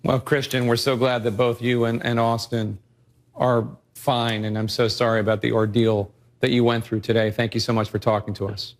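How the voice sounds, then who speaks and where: A man as news anchor, asking measured questions with a few hesitations. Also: medium pitch, flat delivery. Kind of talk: broadcast interview.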